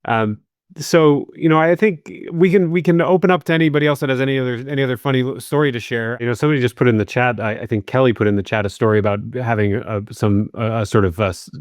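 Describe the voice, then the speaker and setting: A man's voice: mid-range voice, steady tone, quick pace, no echo, studio quality. A man hosting a group video call, talking in a casual, hesitant way with many restarts. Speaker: meetup host.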